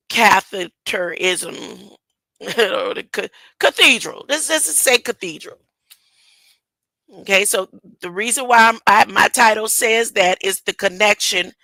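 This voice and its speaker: An online commentator with a bright, forceful, mid-range voice rambles casually and reads a news story aloud, stumbling over words and laughing at herself. She speaks slowly and draws things out. The recording is dry and rough.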